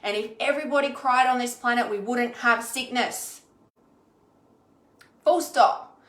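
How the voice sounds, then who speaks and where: A woman's voice: a little high, a little slow, fairly bright tone. A woman and intuitive healer talking candidly to her viewers, frank and sweary, peppering her speech with "like" and asking "okay?". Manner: frank and sweary, with frequent "like" and "okay?" check-ins. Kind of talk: casual, candid vlog talk to viewers. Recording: echoey room.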